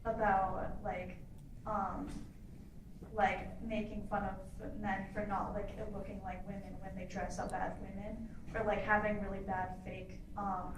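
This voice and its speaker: A woman in the audience asking a question hesitantly, with many fillers. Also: mid-range voice. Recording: roomy hall from far off, noisy.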